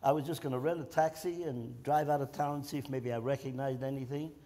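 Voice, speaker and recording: A man in his nineties, a war veteran guest, telling his story haltingly with many fillers and restarts. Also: medium pitch, fairly even intonation, warm tone. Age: 90s. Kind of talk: storytelling interview. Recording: long reverb of a hall.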